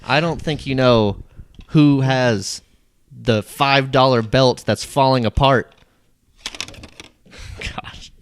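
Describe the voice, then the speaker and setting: A man's voice: mid-range voice, takes it slowly, long pauses, clear, resonant tone. A young man co-hosting a podcast in casual, rambling, jokey chat. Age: young adult. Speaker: podcast co-host.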